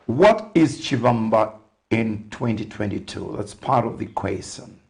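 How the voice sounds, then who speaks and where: Older guy hosting a tv talk show, gravelly voice, slow easy delivery with lots of uh and you know. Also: lowish voice, expressive. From Zambia. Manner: unhurried, warm sign-off phrases, frequent fillers. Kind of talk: TV interview show.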